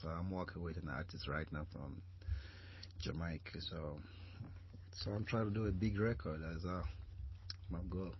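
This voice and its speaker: A man being interviewed as a music producer, talking in a relaxed, plain-spoken way. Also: sits low, moderate pace, long pauses, dull audio, a little hiss or hum. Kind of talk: casual interview.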